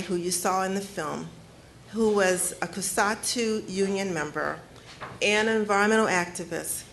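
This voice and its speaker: A woman's voice: mid-range voice, fairly bright tone, a little hiss or hum. Earnest middle-aged woman telling her story. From Detroit, United States. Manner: measured, earnest storytelling with slow emphatic phrases. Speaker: author speaking at her book launch. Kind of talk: personal storytelling speech. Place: cafe event space with audience.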